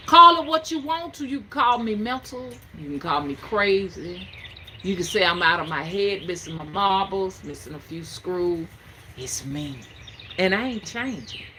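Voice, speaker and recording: A Southern woman over fifty talks to camera as a spiritual reader, folksy and emphatic. Her bright voice swings widely in pitch and moves at an unhurried pace. A faint noise sits under her voice. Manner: folksy, emphatic, preaching cadence. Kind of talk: casual talk to camera.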